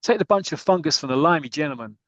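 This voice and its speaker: A man's voice: fairly high pitch, lively intonation, fast, no room sound, highs cut off, close to an everyday voice. A swaggering tough-guy stuntman talks brashly in a raised voice, as a man reads him out. The lines are cocky and pushy. It is read out in a dry, close recording. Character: cocky tough American stuntman, adult male.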